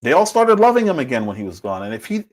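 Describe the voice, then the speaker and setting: Male livestream host, husky, lively and punchy commentary. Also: fast. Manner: animated, emphatic, with big pitch swings.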